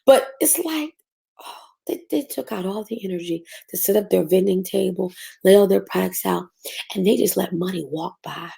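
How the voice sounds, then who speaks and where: A woman coaches her livestream audience in a sassy, preachy tone. Her middle-pitched voice has a gravelly edge. She slips into mocking voices to make her point. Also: normal speed, dark tone. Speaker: business coach. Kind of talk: livestream teaching.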